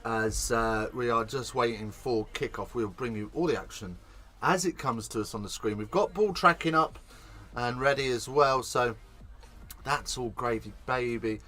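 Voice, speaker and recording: A man hosting a live watch-along commentary, chatty and excitable, swearing casually. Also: mid-range voice, normal speed, faint music behind. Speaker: host.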